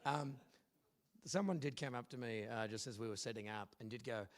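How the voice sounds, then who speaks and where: An Australian man hosting a live comedy game show on stage, loud and playful, bantering with the crowd. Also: medium pitch, fairly quick. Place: live convention stage with audience.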